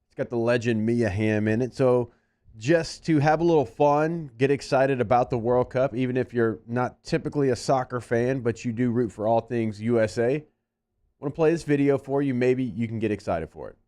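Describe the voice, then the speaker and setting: A man's voice: medium pitch, moderate pace, warm tone. A man co-hosting a sports radio show, upbeat as he sets up a video clip. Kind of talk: casual show chat.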